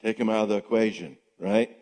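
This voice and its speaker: This middle-aged man's fairly low voice moves along fairly quickly as he teaches conversationally at a marriage conference. With animation, he performs both spouses' dialogue, and the church hall gives the recording a long reverb.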